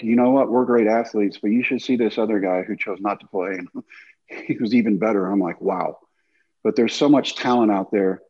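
A man in his fifties, a former baseball pitcher and guest, telling animated stories over a video call and acting out quotes. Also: slightly rough, dull audio. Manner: animated anecdotes with acted-out quotes. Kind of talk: storytelling in casual chat.

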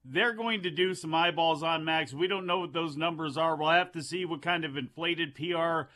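A man's voice: on the high side, normal speed, sharp tone. A man co-hosting a sports talk radio show, skeptically pushing back on his partner's claims.

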